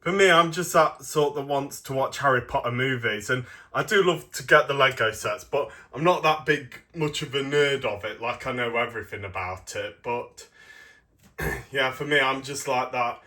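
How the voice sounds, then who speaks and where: A man's voice: medium pitch, moderate pace, bright, forceful tone. A young man giving a casual review of a toy set, rambling and hesitant with many ums.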